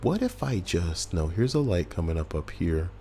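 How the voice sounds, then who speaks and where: A man's voice: low voice, very animated, normal speed, mellow, a little hiss or hum. A man giving casual, crude and rambling gameplay commentary, reading out a list while he plays and cracking jokes. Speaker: gaming YouTuber. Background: faint background music.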